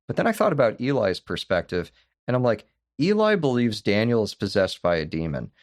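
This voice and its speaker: Low-voiced man, profane podcast chat. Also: fairly quick, dry recording, studio quality. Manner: animated, profane storytelling. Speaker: podcast co-host. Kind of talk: casual chat.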